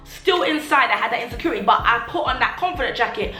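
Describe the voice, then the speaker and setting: A young woman talks openly to her viewers in a relaxed, filler-heavy way, now and then acting out what others once said to her. Her voice is bright and forward, and the echoey home room carries faint music underneath. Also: fairly high pitch, fast. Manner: chatty, filler-heavy, acts out remembered remarks. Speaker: vlogger. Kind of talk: casual confessional vlog. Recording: roomy echo, faint music.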